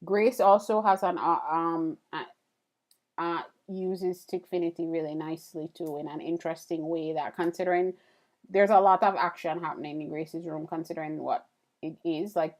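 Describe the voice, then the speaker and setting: A woman's voice: fairly low pitch, darkish tone. Woman live-streamer, casual and rambling, thanking her chat between drawing steps. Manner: chatty, thanks viewers, many fillers and restarts.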